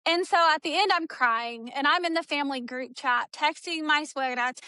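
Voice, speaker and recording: A woman appearing as an interview guest tells a personal story with emotion and chatter, acting out others' dialogue and leaning on frequent "like" fillers. Her animated, high voice moves at a moderate pace with few pauses, and there's no echo.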